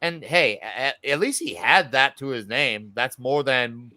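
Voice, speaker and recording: A man's voice: medium pitch, expressive, unhurried, bright, forceful tone, no echo. An easygoing man on a comics podcast panel, rambling through his opinions. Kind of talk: casual panel chat.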